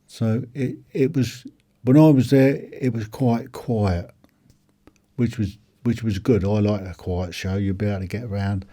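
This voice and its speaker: A man's voice: fairly low pitch, a little slow, mellow. A man rambling casually about a motorbike show, with plenty of ums and restarts. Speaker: motorcycle vlogger. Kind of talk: casual walkaround commentary.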